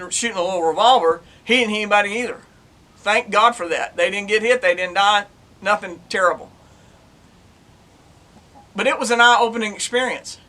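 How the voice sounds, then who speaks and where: A middle-aged man, a former police officer telling his stories to his own camera in a plainspoken, folksy way. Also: high voice. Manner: folksy, plainspoken, animated retelling. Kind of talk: casual storytelling to camera.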